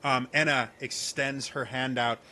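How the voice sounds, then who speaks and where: A man narrating a tabletop game as game master, in a casual, halting way with many fillers. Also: mid-range voice, fairly even intonation, sharp tone.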